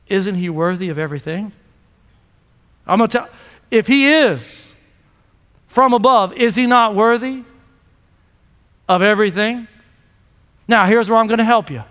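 A pastor with a high, bright voice delivers a sermon in a church sanctuary, preaching emphatically in call-and-response style. The large hall gives a long reverb.

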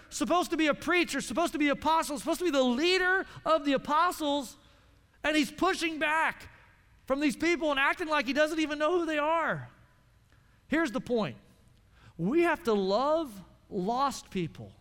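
A man's voice: very high voice, lively intonation, moderate pace, bright, forceful tone. A male pastor preaching a conversational sermon to a live audience, repeating words and putting questions to the room. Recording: long hall reverb.

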